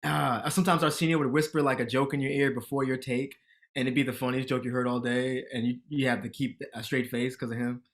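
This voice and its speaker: This fast-talking comedian, a man in his thirties from around Washington, D.C., has a mid-range voice. As a podcast guest he tells animated tales in relaxed chat, laughing throughout.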